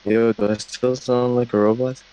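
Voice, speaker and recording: A man's voice: mid-range voice, little pitch movement, moderate pace, mellow, soft background music, low-quality recording. A young man calling in to a livestream, chatting in a laid-back, joking way and saying "bro" a lot. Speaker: guest calling in. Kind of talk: casual chat. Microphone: online call.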